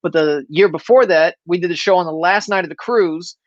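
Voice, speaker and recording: A man's voice: high voice, brisk, dry recording, lo-fi sound. A male stand-up comedian from Florida telling anecdotes in casual chat, acting out quoted lines along the way.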